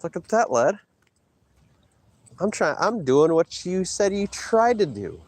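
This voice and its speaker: A man streaming from an outdoor hike, trash-talking his chat in a boastful, mocking way with loud teasing outbursts. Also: high voice, big pitch swings, slow, dry recording. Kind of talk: casual trash talk to chat while hiking.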